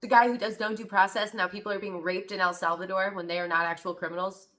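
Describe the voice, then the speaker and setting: A woman's voice: mid-range voice, steady tone, fast talker, a bit bright. A woman hosting a podcast, reacting to a clip with indignant, sarcastic, profane commentary. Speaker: podcast host.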